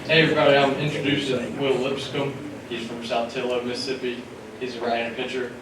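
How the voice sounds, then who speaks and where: A young man introduces his teammates in a casual, friendly way. He is heard from across a big echoing hall. Loud steady noise runs under his voice. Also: medium pitch, fairly quick. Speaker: college baseball player. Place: large banquet hall. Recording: echoey hall, distant mic, loud noise.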